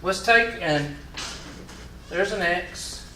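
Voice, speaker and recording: A man's voice: high-pitched, animated, extremely slow, pushed and bright, a little hiss or hum. A man with a Southern US accent teaching a math class, working through problems with folksy joking asides. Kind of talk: classroom lecture. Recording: echoey classroom from far off.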